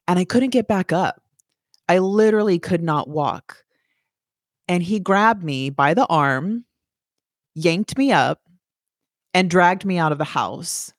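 Woman, 40s, from the US; personal testimony, candid and plain-spoken, low voice, dry sound. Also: no room sound. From United States. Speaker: survivor telling her story.

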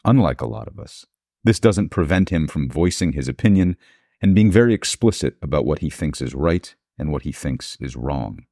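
A man's voice: a bass voice, very animated, normal speed, creaky, mellow, no echo, clean studio sound. A man hosting an interview, first reading an earnest, reflective introduction, then asking questions. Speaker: interviewer and host.

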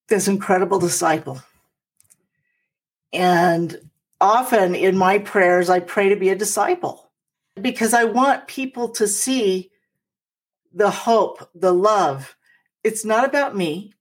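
A woman speaks slowly and thoughtfully, her voice mid-pitched. She reflects on prayer with gentle, halting starts. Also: slightly rough. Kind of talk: reflective faith talk.

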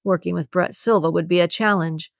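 A woman narrating a romance audiobook in a steady, even storytelling manner. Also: on the low side, fairly quick, gravelly, no room sound, studio quality. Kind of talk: scripted narration.

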